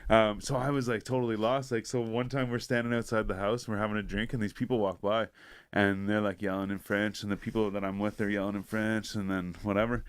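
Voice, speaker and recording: A man's voice: on the low side, little pitch movement, quick pace, clean tone. A man telling a story in casual podcast chat, rambling and profane, filling it with "like" and acting out other people's lines.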